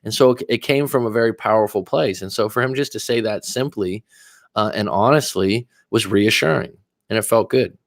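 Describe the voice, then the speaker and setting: A man's voice: fairly low pitch, normal speed, dry recording, studio quality. A man, a coach, talking casually and reflectively to viewers on a livestream, wandering into asides as he thinks aloud. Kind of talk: livestream monologue.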